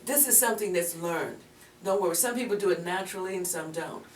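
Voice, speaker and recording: A woman's voice: on the low side, quick pace. A woman giving a voice lesson as a vocal coach, chatty and encouraging, calling her student "girl". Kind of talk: voice lesson instruction. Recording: echoey room, mic far off, background noise.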